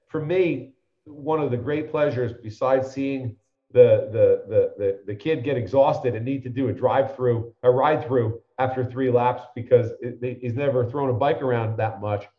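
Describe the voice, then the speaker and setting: A man's voice: medium pitch, a little slow, echoey room, dull audio. A man in his fifties telling long anecdotes in conversation, acting out the people he quotes. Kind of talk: conversational storytelling.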